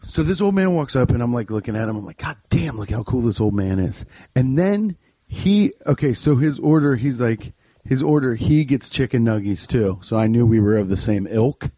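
A man's voice: medium pitch, moderate pace, mellow, dry recording. A young man telling a comic story in a loose, rambling, profane way. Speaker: comedian.

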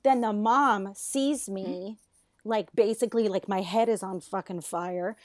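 Telling a story on the podcast she co-hosts, this woman in her thirties is animated, laughs often, and swears without restraint. She has a mid-range voice and a measured pace, captured in studio quality with no room sound.

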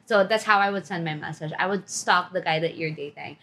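Woman cohosting a chatty podcast, teasing, laughing a lot, super animated. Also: lowish voice, brisk. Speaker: podcast co-host. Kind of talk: casual chat.

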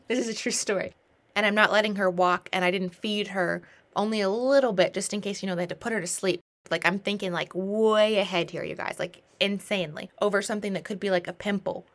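A woman in her twenties telling a personal story in a casual, animated, self-mocking way, with many rambling asides. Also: medium pitch. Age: 20s.

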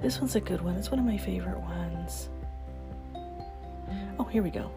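A woman hosting a casual morning podcast, bubbly and quick to laugh. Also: over music. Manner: bubbly, laughs often, talks to her dog in a high baby voice. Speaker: podcast host.

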